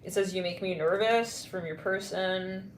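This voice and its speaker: A woman's voice: medium pitch, measured pace, echoey room, background noise. Rambling casual woman reading cards. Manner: rambling, filler-heavy, blunt, slangy. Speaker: tarot reader.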